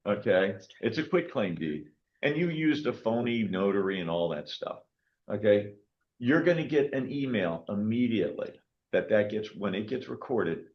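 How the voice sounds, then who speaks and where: A man in his sixties, a county clerk, telling stories to a meeting in an animated way and often checking in with "okay?". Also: medium pitch, highs cut off. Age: 60s. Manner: animated storytelling, frequent "okay?" check-ins. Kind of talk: public meeting talk.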